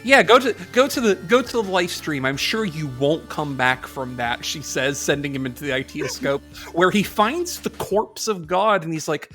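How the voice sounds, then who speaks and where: Bright guy on a podcast, kinda high voice, animated retelling of a game story, faint music behind. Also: moderate pace, few pauses. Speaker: podcast co-host. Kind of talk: casual chat.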